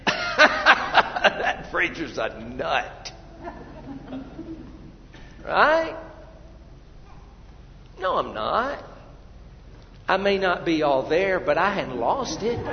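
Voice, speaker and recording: A man preaching a sermon as pastor, animated, swinging between loud urging and hushed asides. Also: on the high side, vocal fry, a little hiss or hum. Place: church sanctuary. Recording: dull, reverberant church hall.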